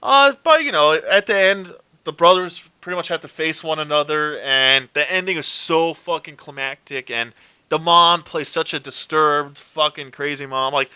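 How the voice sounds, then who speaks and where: A man with a fairly high, bright voice retells horror movie plots in a casual chat. He acts out the characters' lines and swears freely. The sound is dry and close. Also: moderate pace, clean tone, dry recording. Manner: animated storytelling with swearing and acted quotes. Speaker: co-host.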